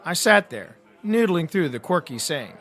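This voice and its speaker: A male narrator reads a first-person hard-boiled detective tale with a wry, storytelling delivery. His voice is slightly high and very animated, rising and falling through the dialogue. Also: moderate pace. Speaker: audiobook narrator.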